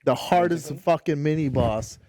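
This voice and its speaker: A man's voice: a little high, moderate pace. A man on a podcast as a guest, talking animatedly, swearing often and calling people bro. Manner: animated, swears a lot, calls everyone bro. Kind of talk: casual chat.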